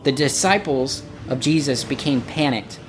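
A man's voice: medium pitch, normal speed, soft background music. A man preaching a sermon, telling stories and acting out the quotes he gives. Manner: storytelling, acts out quotes with lively shifts. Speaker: pastor.

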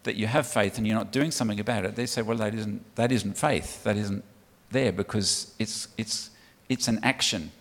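A man's voice: fairly low pitch, normal speed, few pauses. A man from the UK, preaching a sermon in a church in a conversational, punchy way and coaxing the congregation to answer back. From United Kingdom. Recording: long reverb of a large hall.

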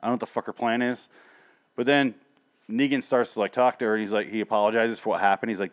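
Young adult male host, lowish voice, sarcastic, rambling, profane. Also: steady tone, fast talker. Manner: rambling, sarcastic, swears often, frequent restarts. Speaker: show host reviewing TV episodes. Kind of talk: casual profane rambling recap.

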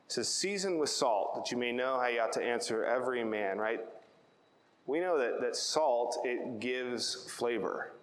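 A man's voice: medium pitch, fairly even intonation, moderate pace, echoey room, big-room sound, rough recording. A man preaching a sermon, telling a personal story in a chatty way and often asking "right?". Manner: conversational storytelling, repeats words, asks "right?". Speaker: pastor.

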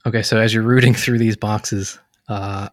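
Low-voiced man running a tabletop game. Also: moderate pace, no echo, studio quality. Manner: relaxed, hesitant, lots of fillers. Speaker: game master.

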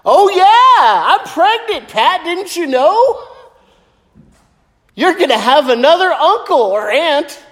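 Man voicing a feisty old grandma, high squeaky tone, playful, teasing, echoey hall. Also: sing-song, slow pace, fairly bright tone, heavily acted. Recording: echoey hall with long reverb.

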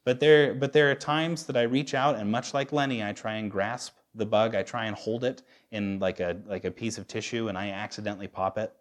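An American pastor in his thirties preaches a sermon in a lowish, steady voice, speaking fairly quickly with few pauses. He's candid and self-deprecating and frequently restarts his sentences.

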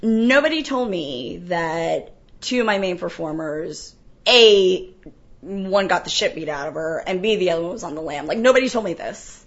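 A woman in casual conversation, telling an animated, profane story and laughing often. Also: lowish voice, moderate pace, muffled recording. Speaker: guest.

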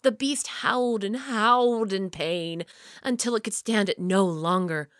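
A woman reading a children's story aloud, expressive and dropping low and quiet for the tense parts. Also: a little slow, no echo, clean studio sound.

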